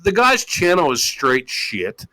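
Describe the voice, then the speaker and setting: A man hosting a call-in talk show, ranting loudly with constant swearing and mocking voices. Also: sits high, slow pace, low-quality recording. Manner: loud, animated, swearing, mocking impressions. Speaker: host. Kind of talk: profane casual rant on a call-in show.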